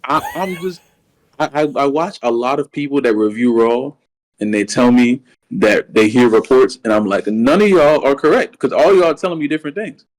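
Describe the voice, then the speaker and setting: A man co-hosting a podcast in casual wrestling chat. He has a slight lisp and rambles excitedly, repeating words when worked up. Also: medium pitch, moderate pace, low-quality recording. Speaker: podcast co-host.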